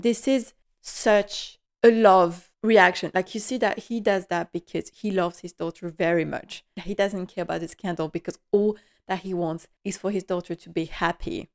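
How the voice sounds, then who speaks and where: Woman host, casual TV recap, gushing, emotional, lowish voice. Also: steady tone, moderate pace, hardly any pauses. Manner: gushing, emotional, many fillers.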